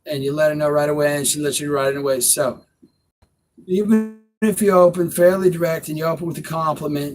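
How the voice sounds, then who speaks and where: Outdoors and talking straight to the camera, a dating coach gives blunt, profane advice in a casual instructional style. His voice sits on the high side, with background noise in the recording.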